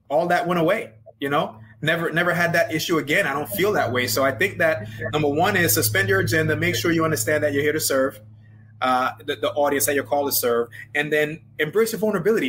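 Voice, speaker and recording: A man with a Jamaican accent speaks as a coach in a relaxed interview, earnest and emphatic, hammering points home by repeating them. His voice sits a little high for a man. A faint ambient hiss lies under the recording. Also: rough recording. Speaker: guest, business coach. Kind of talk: casual interview chat.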